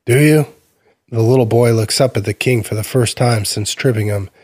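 The narrator, a man with a low-leaning voice, reads a short story aloud evenly and deliberately. It's a scripted fiction reading captured close and dry, with no room sound.

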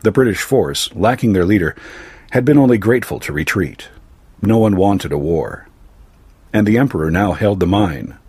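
A man reading a fantasy story aloud in a measured, even way. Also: fairly low pitch, slightly rough, no room sound. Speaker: narrator. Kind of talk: scripted story narration.

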